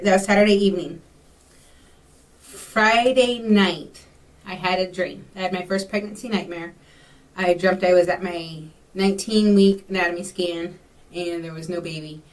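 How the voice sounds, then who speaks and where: A woman's voice: lowish voice, recorded from a distance. A young woman from Texas telling a rambling personal story in a casual vlog, full of ums and likes. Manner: chatty, rambling, with many fillers. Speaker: vlogger.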